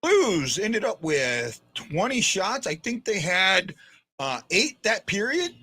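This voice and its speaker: A man hosting a live fan stream, commenting in an excitable, chatty way with frequent restarts. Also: high voice, slow, slightly rough. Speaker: fan show host.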